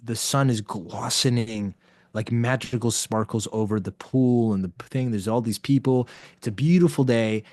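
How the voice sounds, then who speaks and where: A man speaks as a podcast guest, telling a personal story in a relaxed conversational way with a medium-pitched voice. He acts out the dialogue he quotes and often reaches for "like" as a filler. The recording is dry and close to the mic, with no room echo. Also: normal speed.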